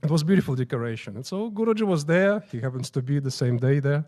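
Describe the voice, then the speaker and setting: A temple priest telling informal, halting stories about his teacher during morning prayers in a temple. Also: on the high side, expressive, darkish tone. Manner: informal, halting, restarting phrases. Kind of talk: storytelling talk at morning prayers.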